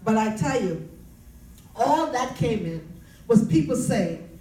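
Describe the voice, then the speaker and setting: A woman's voice: fairly high pitch, expressive, slow pace, warm tone. Earnest woman preaching her testimony, roomy. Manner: earnest, preaching cadence with repeated phrases. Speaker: speaker sharing personal testimony. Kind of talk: faith-based testimony talk. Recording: roomy, distant mic.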